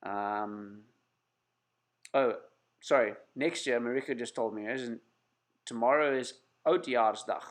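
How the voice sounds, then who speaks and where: A man's voice: medium pitch, slow pace, long pauses. A man with a cold hosting a casual livestream, chatting with viewers, greeting them by name and apologizing often over camera trouble. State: has a cold. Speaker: channel host on a livestream.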